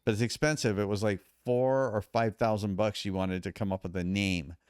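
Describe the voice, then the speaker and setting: Smooth-voiced man telling a story. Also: on the low side, normal speed, dry recording, studio quality. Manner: animated, acts out quotes of others. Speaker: podcast guest. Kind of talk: casual storytelling.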